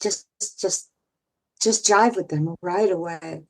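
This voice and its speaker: A woman voicing a famous male comedian, calm and gently encouraging, in a low, soft, hushed delivery. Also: takes it slowly, gravelly, heavily acted. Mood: coaxing.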